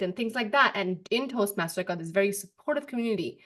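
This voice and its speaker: Young woman podcast host, casual chat, quick expressive storyteller, mid pitch.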